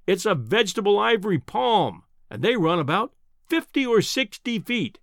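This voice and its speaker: A man voicing a blustering, condescending older male professor in an audiobook, booming and triumphant. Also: a bit bright, dry recording, clean studio sound, heavily acted. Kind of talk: audiobook character voice.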